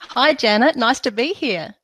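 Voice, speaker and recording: A woman's voice: on the high side, measured pace, fairly bright tone, no room sound. Friendly Australian woman on a remote call. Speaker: guest.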